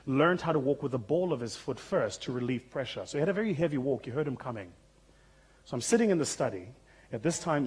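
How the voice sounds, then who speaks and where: A South African man giving a keynote speech on a conference stage, telling stories with humour in a relaxed, conversational way. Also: medium pitch, slightly rough. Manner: humorous, conversational, vivid storytelling. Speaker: keynote speaker.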